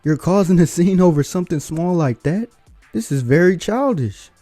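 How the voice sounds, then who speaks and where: A man's voice: high-pitched, expressive, moderate pace, mellow, no room sound, faint music behind. A man hosting a reaction video, giving blunt, lecturing commentary. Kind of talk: opinionated commentary.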